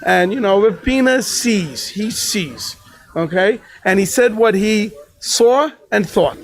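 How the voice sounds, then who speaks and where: A man's voice: high voice, lively intonation, takes it slowly. A man, a rabbi at a yeshiva fundraiser broadcast, telling playful, jokey anecdotes in a casual way. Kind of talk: casual storytelling.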